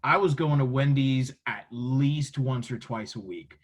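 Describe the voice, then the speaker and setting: Slow husky-voiced laid-back podcast guy. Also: medium pitch. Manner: laid-back, laughs often. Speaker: podcast co-host. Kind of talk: casual comedic podcast banter.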